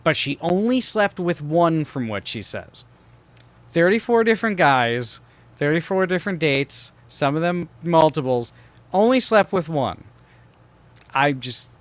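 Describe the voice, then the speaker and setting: A man's voice: fairly high pitch, dry recording. A man co-hosting a podcast in casual chat, rambling and hesitant, often trailing off mid-thought. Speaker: podcast co-host.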